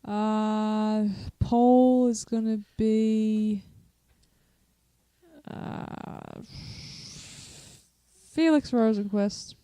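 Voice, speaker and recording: A woman's voice: medium pitch, steady tone, extremely slow, long pauses, mellow, smooth, no room sound. A woman co-hosting a podcast in casual chat, speaking hesitantly with many fillers. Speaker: podcast co-host.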